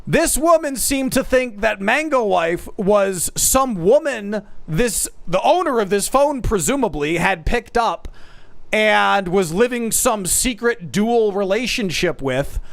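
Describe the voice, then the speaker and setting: High-voiced male streamer, animated storyteller, dry close sound. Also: slow, gravelly, no echo. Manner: talks straight to the audience as folks. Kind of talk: casual storytelling.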